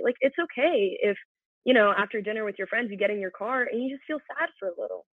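A woman's voice: medium pitch, animated, quick pace, breathy edge, no room sound. A young woman in her twenties, a guest on a podcast, speaking earnestly and reflectively as she opens up about her feelings. Her voice comes through a thin, phone-like line with no room sound at all. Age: 20s. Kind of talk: casual podcast conversation. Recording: tinny phone-like line, dry.

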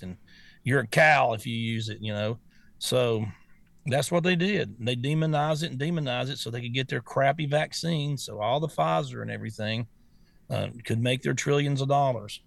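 Gravelly-voiced male co-host, blunt, rambling, dry close sound. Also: mid-range voice, normal speed, no room sound. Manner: blunt, rambling, repeats words. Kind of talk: casual talk show chat.

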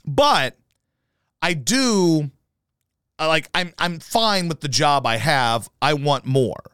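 A man's voice: fairly high pitch, animated, slow pace, bright, forceful tone, smooth, dry recording, studio quality. Profane ranting male podcast host. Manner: profane, combative, rambling.

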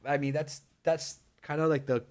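A man's voice: a little high, fairly even intonation, normal speed, a little mellow. A middle-aged man telling a spooky story on a podcast, rambling and swearing, full of likes and dudes. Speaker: podcast co-host. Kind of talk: casual storytelling among friends. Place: indoor podcast setup.

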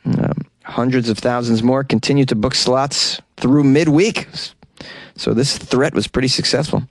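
A man's voice: medium pitch, unhurried, no echo. Male comedian hosting a news podcast, wisecracking, dry booth sound. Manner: wisecracking, riffing asides. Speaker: podcast host.

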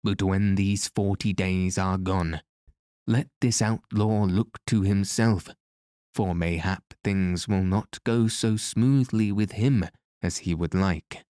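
A man's voice: sits low, steady tone, slow, mellow, dry recording, clean studio sound. A man reading as a stern, angry storybook king. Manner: archaic, commanding storybook speech.

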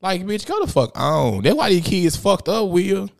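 Animated, profane man chatting. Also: normal speed, gravelly. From Memphis, Tennessee. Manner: animated, profane storytelling with sudden high-pitched outbursts. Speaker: podcast host. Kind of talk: casual profane chat.

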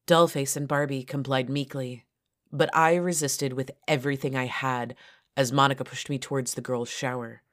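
A woman author narrating her own first-person story in a steady, low-key reading. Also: moderate pace.

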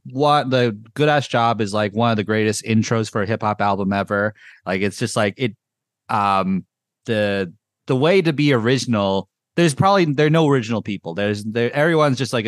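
A man hosting a podcast in casual chat, rambling and excitable with lots of filler words. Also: lowish voice, moderate pace, dry recording, clean studio sound. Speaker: podcast host. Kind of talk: casual chat reviewing music.

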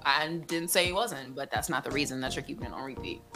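A woman's voice: extremely low pitch, quick pace, over music. A woman co-hosting a studio talk show, teasing and laughing through casual banter. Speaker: co-host. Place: radio-style studio.

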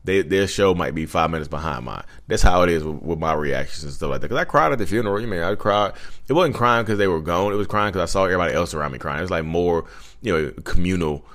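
A man's voice: deep voice, expressive, quick pace, a bit bright. A man in his thirties, a vlogger telling personal stories in a loose, conversational way, often acting out quotes and saying "you know what I mean.". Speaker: vlogger talking about his own personality disorder. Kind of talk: casual storytelling monologue.

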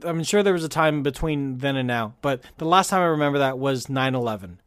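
A man's voice: mid-range voice, lively intonation, brisk, a bit bright, smooth, no room sound, clean studio sound. A man from California chatting casually on a podcast, rambling with fillers and restarts. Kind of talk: casual chat.

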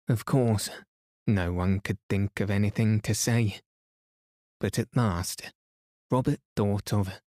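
A man reads a children's story aloud at a very slow, soothing pace, meant to lull listeners to sleep. His voice sits somewhat low and is recorded close and dry, with no room sound. The delivery is calm and even throughout. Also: no room sound. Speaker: podcast host, reader. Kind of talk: slow bedtime story narration.

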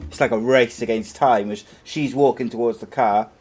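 A man's voice: medium pitch, fairly even intonation, normal speed, a little mellow, breathy edge. Guy in his forties, chatty co-host, rambles through stories, laughs a lot. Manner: rambling storyteller, laughs often. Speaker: podcast co-host. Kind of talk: casual chat.

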